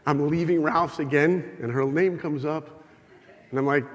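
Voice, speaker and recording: A middle-aged man speaking to an audience in a large hall, his voice carried on a long, ringing reverb. He tells stories with humor and animation, slipping into little acted-out exchanges. His voice sits a bit on the higher side for a man. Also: measured pace. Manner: animated, humorous, acts out dialogue. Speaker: speaker giving an inspirational talk. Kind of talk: lively storytelling talk to a live audience.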